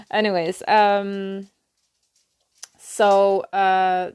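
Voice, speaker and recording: Woman, spiritual talk, halting and earnest, slow, smooth voice. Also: mid-range voice, flat delivery, darkish tone. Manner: halting and earnest, many restarts and "you know". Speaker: spiritual channel host. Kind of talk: personal spiritual talk to camera.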